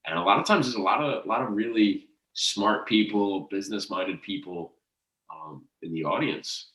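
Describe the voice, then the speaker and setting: Deep-voiced man, distant and echoey. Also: a bit bright. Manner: slow, halting, with many restarts. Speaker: podcast host. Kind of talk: casual conversation. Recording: echoey room, distant from the mic.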